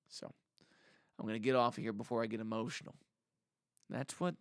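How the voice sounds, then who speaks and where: A man's voice: medium pitch, flat delivery, moderate pace, long pauses, dry recording, clean studio sound. A man, a musician vlogger, talking in a casual monologue to the camera in a rambling, heartfelt and jokey way.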